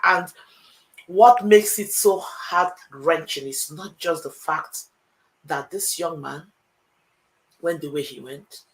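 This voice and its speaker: A woman with a Nigerian accent speaks on a talk show panel in a voice on the low side, slowly and with frequent pauses, on poor audio. Her emotional panel discussion comes across as hesitant and heartfelt, full of fillers.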